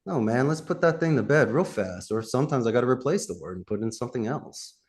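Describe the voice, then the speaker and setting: Punchy, animated male business coach. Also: mid-range voice, quick pace. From United States. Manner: punchy coaching talk full of rhetorical questions. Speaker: guest, telemarketing trainer. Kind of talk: podcast interview.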